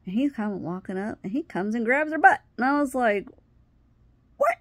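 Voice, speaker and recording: Brisk and fairly high-pitched, this vlogger tells a personal story casually, with no echo on the recording. She's animated, acting out people's words and frequently starting her sentences over.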